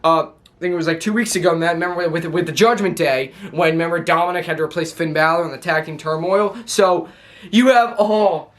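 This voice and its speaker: Young guy with a high voice gushing about a wrestling show, rambly, keeps laughing and tripping over his words. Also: fairly quick, fairly bright tone. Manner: rambling, laughs often, many restarts. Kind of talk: excited casual recap to camera.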